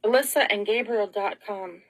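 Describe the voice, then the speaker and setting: A woman's voice: mid-range voice, moderate pace, a bit bright, slight background noise, rough recording. A middle-aged woman vlogging in an emotional, rambling monologue, frazzled and tearful, sighing and asking rhetorical questions.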